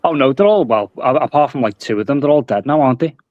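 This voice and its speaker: Play a relaxed young man with a thick Scouse accent, chatting as a new guest. Keep it friendly and self-deprecating, with plenty of "um" and "like", recorded close and dry with no room sound. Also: medium pitch, quick pace, no room sound, narrow, tinny audio. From Liverpool, England. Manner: easygoing, self-deprecating, laughs often, lots of fillers. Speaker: guest joining the stream. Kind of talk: casual chat.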